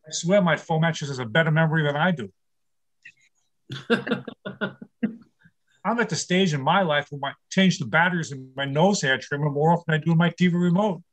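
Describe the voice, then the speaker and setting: A man's voice: on the high side, a little fast, pauses often. Older man doing stand-up one-liners. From New York City. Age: 60s. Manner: punchy one-liners, laughs at own jokes. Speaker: stand-up comic. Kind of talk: stand-up set over video call. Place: home studio.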